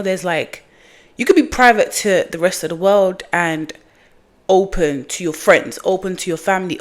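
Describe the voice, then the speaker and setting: A woman's voice: fairly low pitch, fairly bright tone. A young woman talking candidly and rambling in a casual vlog, mocking herself now and then. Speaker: vlogger. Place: outdoors in the sun, windy.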